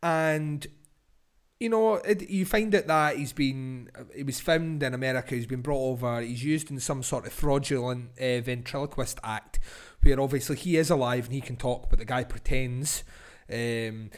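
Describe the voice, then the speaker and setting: A man hosting a podcast, cursing, laughing and building into loud film-review tirades. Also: mid-range voice, normal speed. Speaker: podcast host. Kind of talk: casual film-review rant.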